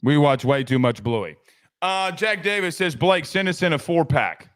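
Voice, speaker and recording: On a sports podcast, a man with a somewhat high, animated voice talks at normal speed. His chat is loose, he reads out viewer comments, and he frequently restarts lines and swears in passing.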